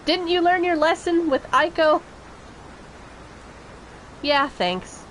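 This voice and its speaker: A woman's voice: very high-pitched, takes it slowly, fairly bright tone, slight background noise, voice pushed up, heavily acted, rough recording. A woman reading as a prim young princess. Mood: exasperated. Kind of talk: reading game dialogue aloud.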